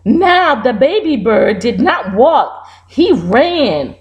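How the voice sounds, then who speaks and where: A female teacher whose first language is Haitian Creole reads a children's storybook aloud, slowly and carefully, in a high voice with wide rises and falls. She stays animated throughout and pauses to ask the young listeners questions. The recording's high frequencies are cut off.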